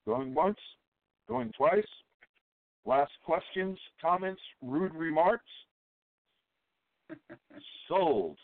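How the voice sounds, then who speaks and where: A man hosting a podcast steers the conversation in a mock-formal, playful manner. His voice sits a little high for a man. The audio is dry and tinny, like a phone line. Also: sing-song, extremely slow, long pauses, no room sound. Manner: mock-formal, moderating segments. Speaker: podcast host. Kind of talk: casual chat.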